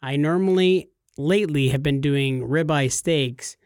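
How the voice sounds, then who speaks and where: A man's voice: fairly high pitch, a little slow, a little mellow. A man from California co-hosting a podcast, chatting casually in an enthusiastic, playfully boastful way. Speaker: podcast co-host. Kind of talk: casual chat.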